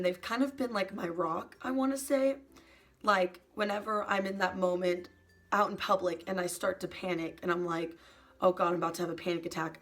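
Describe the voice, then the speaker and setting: A young woman YouTuber talking in a soft, hesitant confessional vlog, full of "like" fillers and sometimes close to tears. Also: medium pitch. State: emotional, near tears at times.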